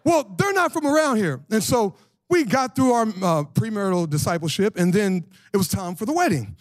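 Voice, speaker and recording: A man in his forties preaching a lively conversational sermon as pastor, slangy and animated, asking the congregation questions. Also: high voice, moderate pace, no room sound.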